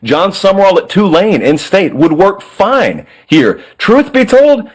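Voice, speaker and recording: A man giving wry, animated college football analysis on a sports talk show. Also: fairly high pitch, rough recording. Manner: wry, animated, fast-talking.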